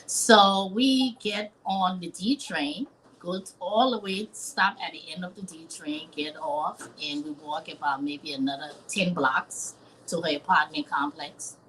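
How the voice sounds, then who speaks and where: This chef guest, a Liberian woman in her fifties, speaks in a deep, slightly bright voice at an unhurried pace. She tells a personal story in a live interview, earnest and dramatic, performing the voices of people she quotes, over low-quality audio with a little hiss or hum.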